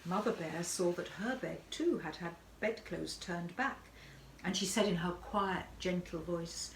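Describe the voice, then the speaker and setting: A woman's voice: lowish voice, measured pace. Woman reading a kids story, bouncy sing-song voice, echoey room, faint background noise. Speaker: narrator.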